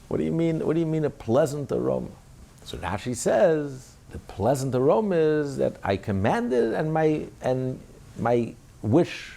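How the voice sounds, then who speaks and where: A man's voice: mid-range voice, vocal fry, mellow. A man teaching a rabbinic class, asking and answering his own questions and voicing God's words in the first person with rising emphasis. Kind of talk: Torah class lecture.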